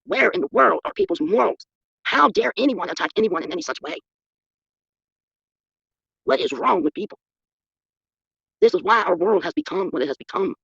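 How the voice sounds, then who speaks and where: A middle-aged or older guest on a casual livestream, emphatic and defensive, who talks in rushes. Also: medium pitch, animated, gravelly, sharp tone, husky, no room sound. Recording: muffled lo-fi stream audio.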